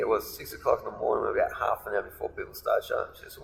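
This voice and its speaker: A man's voice: fairly low pitch, little pitch movement, very fast, gravelly, noisy background. A man, rambling through crude stories as a podcast co-host and laughing often. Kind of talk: crude casual chat. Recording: echoey room with long reverb, faint ambience.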